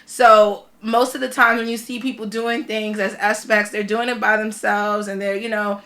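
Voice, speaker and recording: A woman host in a relaxed podcast chat, talking freely and animatedly. Her voice is bright and clear, with a middle pitch. She exclaims often and keeps the talk lively. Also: moderate pace. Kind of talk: casual chat.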